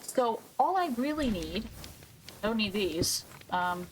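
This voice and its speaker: A woman's voice: medium pitch, very animated, takes it slowly, slight background noise. A woman streaming a game, thinking aloud and questioning herself as she works through a problem. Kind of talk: casual gameplay commentary.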